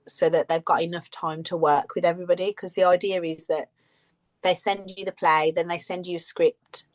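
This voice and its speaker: A woman's voice: fairly low pitch, little pitch movement, moderate pace. A woman co-hosting a podcast in casual chat, rambling and laughing often. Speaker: podcast co-host.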